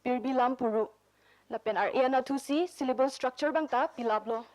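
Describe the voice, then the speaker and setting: A woman's voice: sits high, brisk, darkish tone, rough recording. A woman with a Karbi accent giving an academic presentation at a workshop, explaining step by step and mixing technical English terms into her talk. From Northeast India. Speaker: conference presenter. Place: workshop hall.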